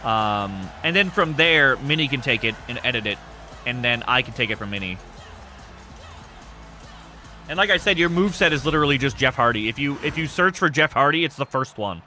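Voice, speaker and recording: Bright-voiced man chatting on a stream. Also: mid-range voice, fast, faint music behind. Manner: rambling, self-described monotone, answers chat. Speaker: streamer hosting an e-fed wrestling show. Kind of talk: casual live-stream chat.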